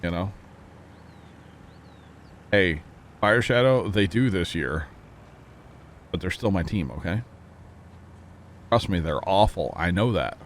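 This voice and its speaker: A man with a very low voice chats casually while streaming a farming game, joking around and answering his chat. Faint game vehicle noise hums in the background. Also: animated, slow, long pauses. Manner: chatty, jokey, reading chat aloud.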